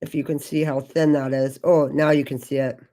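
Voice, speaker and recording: A woman's voice: low-pitched, level tone, moderate pace, dark tone. A woman in her forties hosting a casual makeup livestream, talking loosely and swearing a lot while she chats with viewers. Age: 40s. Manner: loose and profane, chatty with viewers. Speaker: beauty channel host.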